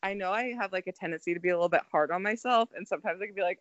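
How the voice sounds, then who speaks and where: A woman's voice: lowish voice, very fast, no room sound, dull audio. A young woman chatting casually as a podcast host, telling a story with lots of fillers and self-deprecating humor. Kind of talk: casual chat.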